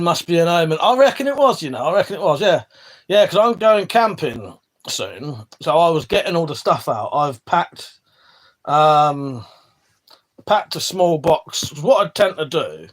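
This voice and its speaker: A man's voice: on the high side, big pitch swings, unhurried. An English man hosting a casual livestream, chatting loosely with viewers, swearing freely and trailing off mid-sentence. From England. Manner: swears freely, rambling and self-interrupting. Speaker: livestream host reading chat. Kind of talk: casual chat. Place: indoor room with weapon collection wall.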